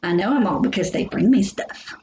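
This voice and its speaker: A woman's voice: mid-range voice, brisk, a little mellow, lo-fi sound. A woman teaching a biology lesson in a chatty, joking way, talking straight to her students. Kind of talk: recorded lecture. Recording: echoey room, faint hum.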